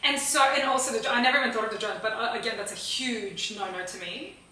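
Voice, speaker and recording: A woman co-hosting a podcast, blunt and teasing and quick to laugh. Her voice is bright and sits fairly high. The recording is poor, with the mic some distance from her, heavy room echo and a faint noise floor underneath. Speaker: podcast co-host. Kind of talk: casual chat.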